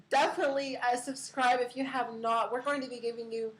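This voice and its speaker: Giggly high-voiced woman host. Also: steady tone, normal speed, rough recording. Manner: giggly, rambling with many fillers. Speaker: crypto livestream host. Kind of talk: casual chat.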